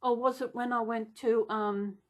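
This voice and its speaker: A woman's voice: fairly high pitch, fairly even intonation, measured pace, a little mellow. A woman chatting casually and unplanned in a vlog, rambling and gushing with gasps and restarts. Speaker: vlogger.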